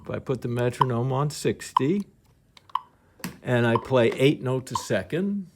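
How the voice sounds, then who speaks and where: A man's voice: medium pitch, lively intonation, a little slow, heavy background noise. A man teaching piano technique, explaining patiently and thinking aloud, with some restarts as he demonstrates.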